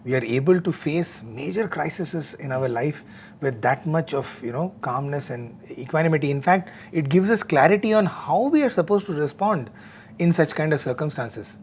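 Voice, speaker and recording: Earnest man, fairly high voice. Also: expressive, normal speed, darkish tone, slight background noise. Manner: earnest, with many fillers like "you know". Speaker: host of a devotional discussion. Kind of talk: conversational satsang discussion.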